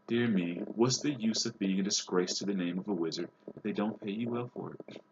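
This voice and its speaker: A man's voice: fairly low pitch, a little fast, dull audio, noisy background, close to an everyday voice. A man reading aloud and voicing a sneering, arrogant older wizard with a cold, mocking manner.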